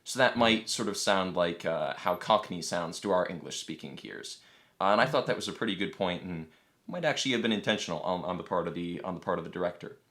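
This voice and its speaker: A man hosting a casual podcast discussion, explaining his points in a measured way and putting questions to the others. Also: low-pitched, animated, a bit bright. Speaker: podcast host.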